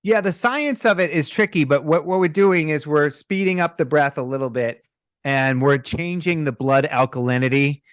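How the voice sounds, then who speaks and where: A man's voice: fairly high pitch, normal speed, no echo, studio quality. A middle-aged man, a breathwork coach in a podcast interview, telling stories and acting out the people in them. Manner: animated storytelling, acts out quoted people.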